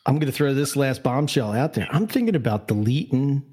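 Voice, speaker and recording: A man's voice: mid-range voice, animated, brisk, a little mellow, husky. A man hosting a podcast in casual chat, teasing his co-host and laughing as he tells stories.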